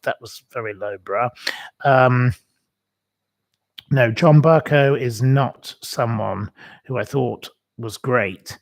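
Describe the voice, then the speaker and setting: A man's voice: mid-range voice, fairly bright tone, no room sound. A man hosting a livestream, answering viewer questions in blunt, opinionated casual chat with lots of ums.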